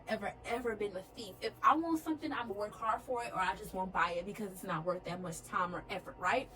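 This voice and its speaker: A woman's voice: medium pitch, a bit bright, rough recording. A young woman vlogger telling a storytime, chatty and checking in with her viewers. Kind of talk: storytime vlog.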